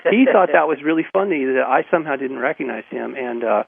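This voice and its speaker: Halting man on a tinny phone line. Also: mid-range voice, animated, creaky. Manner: halting, repeats words, chuckles often. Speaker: guest. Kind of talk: personal storytelling in a radio interview.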